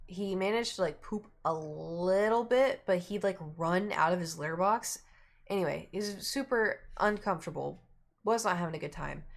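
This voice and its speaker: A woman streamer chatting casually, rambling through a long story and acting out the people in it. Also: vocal fry. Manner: chatty, rambling, acts out quoted people with raised pitch.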